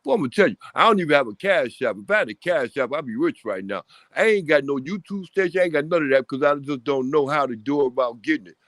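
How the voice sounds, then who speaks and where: Man, sports chat panelist, animated, slangy, dry close sound. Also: fairly high pitch, fast talker, hardly any pauses, no echo. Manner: animated, repeats "I'm telling you", street slang. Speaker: show panelist.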